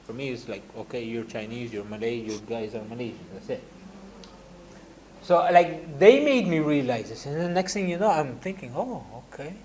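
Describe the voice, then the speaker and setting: Animated man telling classroom stories. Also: medium pitch, normal speed, a little hiss or hum. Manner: anecdotal, animated, laughing asides. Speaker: religious teacher. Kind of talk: casual classroom lecture.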